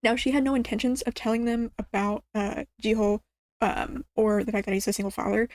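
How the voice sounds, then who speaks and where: A woman with a fairly high voice rants excitedly as she recaps a drama, rambling and restarting her sentences. The sound is dry and close, with no room around her. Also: brisk, no room sound. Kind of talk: casual ranting recap. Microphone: studio mic.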